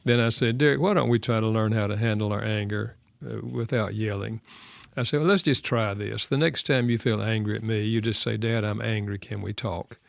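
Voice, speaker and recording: An older man with a Southern American drawl and a gravelly edge to his voice, recounting a story on a radio talk show. He speaks earnestly and reflectively, often dropping softer. The studio sound is close and dry. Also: fairly low pitch, steady tone, a little fast, no echo. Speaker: radio show host and author.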